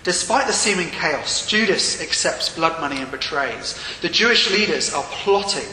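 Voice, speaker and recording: A man's voice: a little high, lively intonation, moderate pace, sharp tone. A man preaching a sermon in a church, earnest, with rising and falling emphasis. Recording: echoey hall with long reverb and faint room noise.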